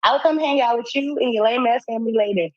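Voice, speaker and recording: A woman co-hosting a podcast who tells a story in a casual chat, animated and profane, laughing often as she talks. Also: fairly high pitch, fast, dry recording, highs cut off. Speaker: podcast co-host.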